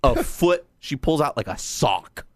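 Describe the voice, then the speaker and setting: A man's voice: on the high side, unhurried, dry recording. A man in casual chat, telling a story with lots of swearing. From Southern California. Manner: animated storytelling, swears a lot.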